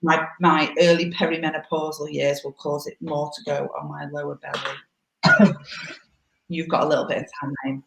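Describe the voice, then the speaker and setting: A woman's voice: deep voice, flat delivery, moderate pace, creaky, a bit bright, a little hiss or hum. A woman in her forties co-hosting a casual live chat over a video call, candid and teasing. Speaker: co-host. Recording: echoey room on a video call.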